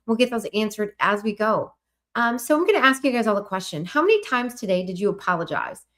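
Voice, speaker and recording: A woman's voice: medium pitch, lively intonation, brisk, fairly bright tone. A woman hosting a live online workshop, talking earnestly in a coaching manner and putting questions to her audience. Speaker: host.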